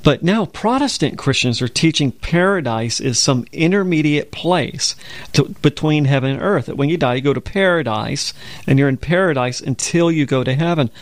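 Man, gravelly co-host of a Bible show, patient storyteller, dry studio sound. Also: on the high side, lively intonation, normal speed, dry recording. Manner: storytelling, explains scripture step by step. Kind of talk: conversational Bible teaching.

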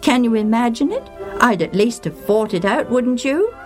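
A woman voicing an excitable, emphatic older male bishop in a storybook reading. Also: on the high side, moderate pace, over music, pitched above the performer's own voice. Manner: emphatic, animated.

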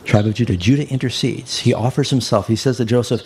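A man preaching a sermon, telling a story with animated bursts of emphasis. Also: medium pitch, fast, few pauses, slightly rough.

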